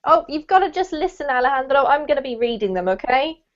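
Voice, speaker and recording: A high-voiced woman teaches pronunciation over a video call, patient and encouraging. She spells out the emphasis carefully, and the audio comes through dull and lo-fi. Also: animated, fast talker. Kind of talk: online class drills.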